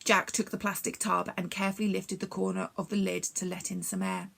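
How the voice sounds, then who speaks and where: An Englishwoman at a library reading a children's story aloud in a clear, expressive way. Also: medium pitch, fairly quick.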